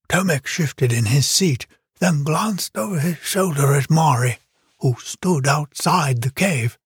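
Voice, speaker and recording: A man narrating an audiobook in a measured, even storytelling manner. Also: fairly high pitch, breathy edge, no echo, clean studio sound. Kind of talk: scripted narration.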